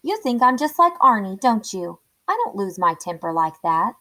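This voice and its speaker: A woman's voice: medium pitch, very animated, normal speed, pushed and bright. Woman doing a blunt, puzzled big brother. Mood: exasperated. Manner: blunt, exasperated. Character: puzzled, hot-tempered older brother.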